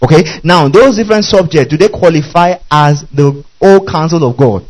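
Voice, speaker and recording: Male pastor, teaching sermon, fairly high voice, asks the room question after question. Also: normal speed, low-quality recording. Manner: questioning the congregation constantly.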